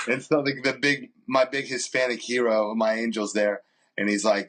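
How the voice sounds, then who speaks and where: A man's voice: mid-range voice, fast, fairly bright tone, low-quality recording. A man rambles through a story on a casual podcast. He slips into the voices of the people he quotes, then drops back to his own. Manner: rambling anecdote-telling, acts out quoted people. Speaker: podcast co-host.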